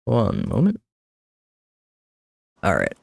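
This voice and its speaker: A male streamer talks through his gameplay in a loose, chatty way, dry and self-mocking, with a mild curse here and there. His voice sits a little low and has a gravelly edge. The pitch moves around a lot as he reacts. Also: huge pitch swings, drawn-out words, dry recording. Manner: chatty, wry, self-deprecating, swears casually. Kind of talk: casual live-stream gameplay commentary.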